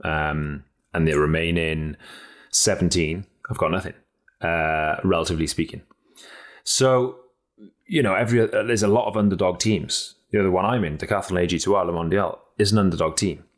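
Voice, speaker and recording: A man co-hosting a cycling podcast in casual chat, blunt and energetic, swearing freely and often restarting his sentences. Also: low voice, normal speed. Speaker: podcast co-host and cycling pundit.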